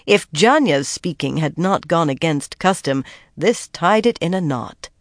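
An audiobook narrator giving steady, measured scripted narration of a fantasy story. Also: mid-range voice, no echo, studio quality.

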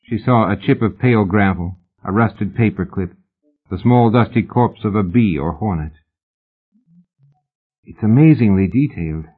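A man narrating a story in a steady, even reading voice, with a tinny, phone-like sound. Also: lowish voice, normal speed, breathy edge. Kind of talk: audiobook narration.

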